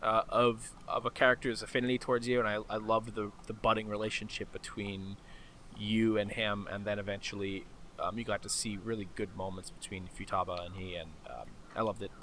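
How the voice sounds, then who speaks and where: Bright-voiced man chatting on a podcast. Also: fairly low pitch, flat delivery, a little fast, a little hiss or hum. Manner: rambling, many restarts and fillers, laughs easily. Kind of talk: casual chat about a video game.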